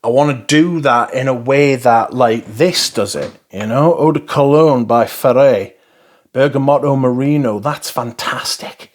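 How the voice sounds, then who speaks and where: A man's voice: mid-range voice, a little slow. A man giving casual, rambling first impressions of fragrances, blunt and full of swearing. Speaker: fragrance reviewer.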